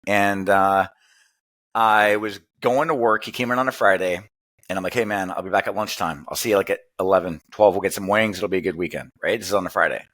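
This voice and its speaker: A man's voice: sits low, brisk, fairly bright tone. A middle-aged man chatting as a podcast guest, joking playfully and laughing often. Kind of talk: casual podcast chat.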